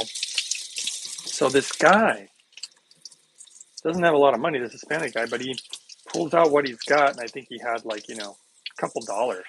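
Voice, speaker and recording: A man hosting a wellness channel, rambling earnestly with many fillers while making a smoothie. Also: medium pitch, a little slow, long pauses, background noise.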